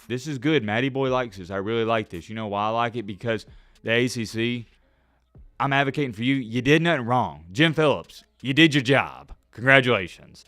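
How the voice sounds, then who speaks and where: A young man giving a solo sports commentary rant, animated and swinging between loud outbursts and low asides. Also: dry recording, studio quality.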